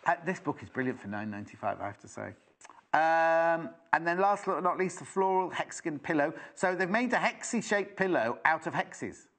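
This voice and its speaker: A man's voice: on the high side, lively intonation, normal speed, fairly bright tone. A British man presenting live on a TV shopping channel, chatty and enthusiastic with rambling asides.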